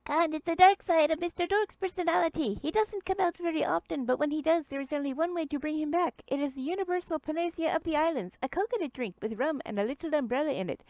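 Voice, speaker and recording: A woman voicing a small male sidekick with a high voice. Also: fast talker, few pauses, a little mellow, dry recording. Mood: earnest.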